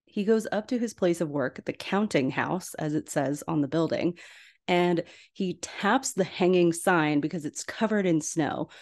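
A young adult woman hosting a podcast, chatting casually and gushing about an old animated film. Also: on the low side, measured pace. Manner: gushing, enthusiastic, chatty with laughs. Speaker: podcast host. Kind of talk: casual film rewatch commentary.

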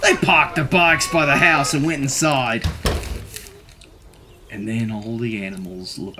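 A woman reading children's picture books aloud in a slow, animated way, adding her own asides. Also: rumbling low, faint music behind. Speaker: storybook reader.

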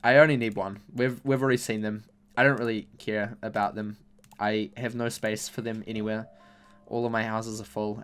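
A man's voice: mid-range voice, a bit bright. Exasperated young man ranting over game packs. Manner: exasperated, repeats himself, mock-angry complaints. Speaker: gaming YouTuber. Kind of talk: casual game commentary while opening packs.

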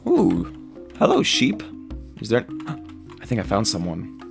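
A man giving excitable, jokey commentary while playing a survival game, squealing high whenever he is delighted. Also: unhurried, gravelly, long pauses, soft background music. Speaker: gaming video creator.

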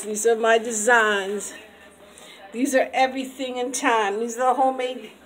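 A woman giving a rhyming, slangy, boastful sales pitch for her homemade skincare products, swinging between loud hype and low murmurs. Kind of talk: hyped home product showcase.

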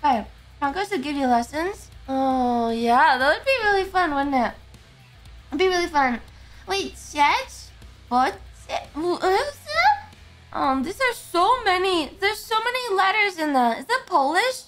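A woman's voice: extremely high pitch, big pitch swings, measured pace, a bit bright, soft background music. A woman streamer chatting casually with her viewers, sleepy and slurring her words. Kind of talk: casual livestream chat.

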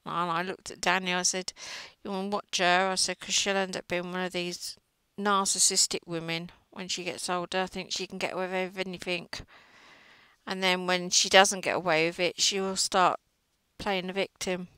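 A woman's voice: on the low side, level tone, moderate pace, sharp tone, clean tone, no echo, rough recording. A middle-aged woman chatting and gossiping while she crochets, often trailing off mid-sentence. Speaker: crochet vlogger. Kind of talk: casual chat while crocheting.

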